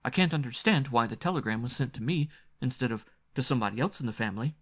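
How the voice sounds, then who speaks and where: A man's voice: medium pitch, fast talker, fairly bright tone, pitched above the performer's own voice. A man voicing a frightened, sheltered young woman who stammers and pants as she speaks. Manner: stammering, breathless. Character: frightened, refined young woman fresh from the city.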